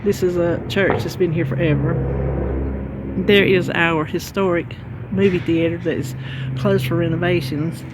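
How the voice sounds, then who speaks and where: This chatty, folksy Southern vlogger from North Carolina rambles as she gives a casual walking tour, calling her viewers y'all. Her voice is on the low side, with fairly even intonation and a normal pace. She's filmed on a handheld phone on windy town streets, with loud traffic and passing cars in the background.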